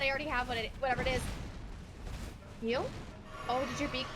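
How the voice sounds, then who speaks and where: A woman streaming a game live from home, reacting with excitable, alarmed exclamations as she plays. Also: high-pitched, a little fast, very noisy. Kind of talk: live gameplay commentary.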